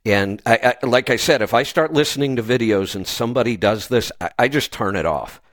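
A man hosting talk radio, voicing strong opinions in a quick, stop-start way. His voice sits at a middle pitch. The studio sound is close and dry. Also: no room sound. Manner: opinionated, fast-talking, full of restarts. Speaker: radio host. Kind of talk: casual talk radio chat.

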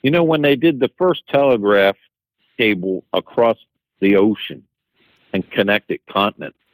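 A man's voice: on the low side, normal speed, dry recording, rough recording. Reflective male co-host, dry sound. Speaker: radio co-host. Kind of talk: casual studio chat.

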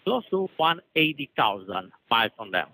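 A man calling in to a radio show, a truck driver who speaks hesitantly and fills his pauses. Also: mid-range voice, very animated, pushed and bright, poor audio. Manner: hesitant, many uhs. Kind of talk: call-in conversation.

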